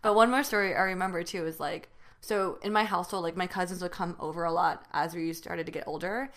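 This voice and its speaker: A woman's voice: lowish voice, fairly even intonation, fairly bright tone. A young woman co-hosting a podcast, telling childhood stories in casual chat with lots of fillers. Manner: fast storytelling with many fillers. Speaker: podcast co-host.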